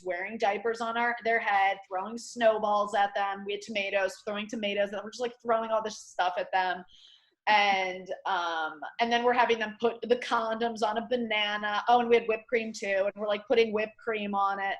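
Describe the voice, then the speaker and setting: Animated woman telling a wild story. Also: mid-range voice, normal speed. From Michigan, Detroit area. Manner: animated storyteller, acts out quotes loudly. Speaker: comedian guest. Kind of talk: casual podcast storytelling.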